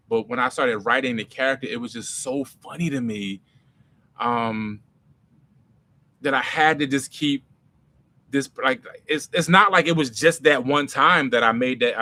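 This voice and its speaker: Man in his forties, creator telling stories in a Q&A; bright, punchy voice, slangy, swings from loud to hushed. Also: mid-range voice. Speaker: comedy writer and creator. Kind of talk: casual storytelling Q&A.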